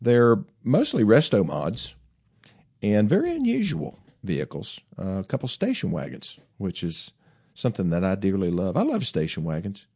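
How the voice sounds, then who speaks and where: A man's voice: on the low side, wildly swooping pitch, moderate pace, vocal fry, dark tone, slightly rough. A man in his fifties hosting a show, chatting casually and folksily, rambling with fillers and restarts. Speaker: host. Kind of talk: casual chat.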